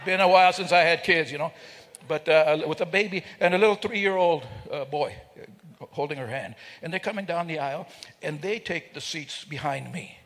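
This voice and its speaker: Older guy spinning a funny travel story, kinda high voice, big echoey hall. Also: moderate pace, fairly bright tone. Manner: joking, teasing the audience, self-interrupting. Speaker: speaker at a celebration. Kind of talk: storytelling to a live audience. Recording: reverberant hall.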